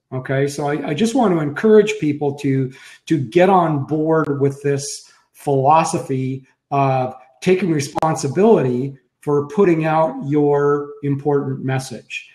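Man, middle-aged, slightly high voice, co-host, reflective, easygoing, echoey room. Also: a little mellow. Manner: easygoing, reflective, many restarts. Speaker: co-host, sidekick to the main host. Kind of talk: casual live web chat.

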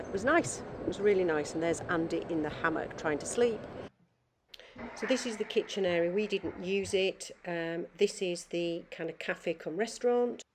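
A woman narrating a casual travel vlog, chatty and relaxed with frequent ums. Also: fairly low pitch. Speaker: travel vlogger. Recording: background noise.

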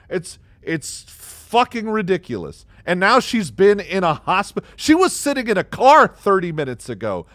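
A male streamer ranting about a game's story with exasperated, sarcastic profanity. His high voice leaps up and down animatedly, and the sound is close and dry. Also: big pitch swings, moderate pace, few pauses, a bit bright, no room sound. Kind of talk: ranting live game commentary.

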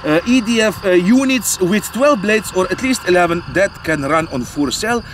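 A man's voice: high-pitched, animated, moderate pace, slight background noise, low-quality recording. A man hosting an RC flying channel, chatting casually and jokingly in rambling, non-native phrasing, recorded outdoors. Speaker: channel host, RC pilot.

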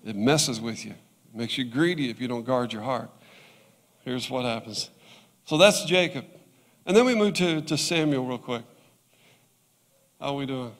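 A man's voice: medium pitch, moderate pace, long pauses. Man preaching in a reverberant hall. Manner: conversational preaching, checks in with listeners often. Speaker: pastor. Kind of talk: sermon.

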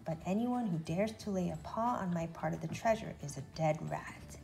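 A woman voicing a loud, pushy, boastful male mouse shopkeeper in a storybook read-aloud. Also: on the low side, normal speed, creaky, faint music behind. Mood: brash. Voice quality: brash, shouting. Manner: boastful bargain talk.

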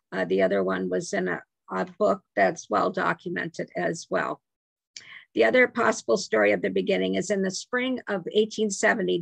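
Gravelly-voiced woman giving a history talk. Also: medium pitch, fairly bright tone, dry recording. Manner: informal, chatty asides and self-corrections. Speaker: museum program manager. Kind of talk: slide presentation lecture.

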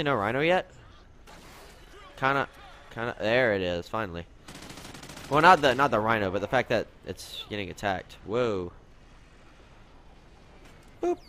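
A young man commentating on his own gameplay, excitable, yelping and complaining at the game as he plays. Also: fairly low pitch, slight background noise. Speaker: gaming commentator.

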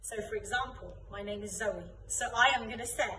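A young woman teaching an online children's drama and dance class, calling out game commands loudly and brightly. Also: mid-range voice, brisk, few pauses, a little hiss or hum. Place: dance studio room. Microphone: camera from a distance. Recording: echoey room, voice from far off.

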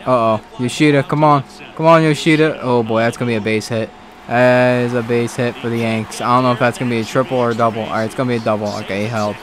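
A man giving casual let's-play commentary on a baseball video game, excitable, swearing and talking back to the game. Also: mid-range voice, quick pace. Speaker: gaming commentator.

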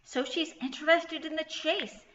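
A woman reading as a bright schoolgirl. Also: mid-range voice, moderate pace, a little hiss or hum, lightly acted. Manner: bright, calling out. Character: eager young schoolgirl heroine. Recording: echoey room, slightly dull sound.

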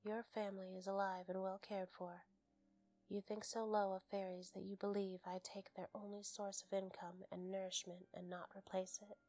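A woman in whispered role-play, voicing a stern, terse ancient male fae lord who speaks low and clipped. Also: little pitch movement, moderate pace, darkish tone, no room sound, lightly acted. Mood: curt.

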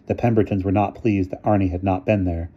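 Deep, husky male storyteller. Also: fairly even intonation, brisk, muffled recording. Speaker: reader. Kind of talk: scripted narration.

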